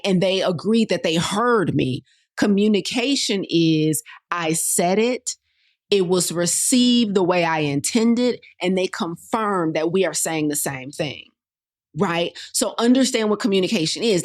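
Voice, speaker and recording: Woman host, blunt, animated, lowish voice, motivational talk. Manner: direct, animated, colloquial, addresses listeners as y'all and you guys. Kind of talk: motivational talk to an online audience.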